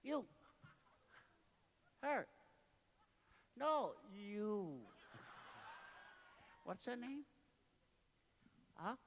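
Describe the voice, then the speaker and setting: Elder teasing a child, very slow, lively swooping pitch. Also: highs cut off, slight background noise. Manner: teasing, laughs often, broken English. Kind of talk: playful casual chat.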